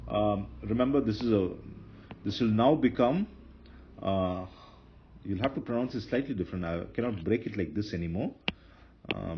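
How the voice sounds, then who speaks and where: A man teaching a grammar lesson, explaining step by step with fillers and self-corrections. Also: on the low side. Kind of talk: lecture. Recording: dull lo-fi lecture recording with faint noise.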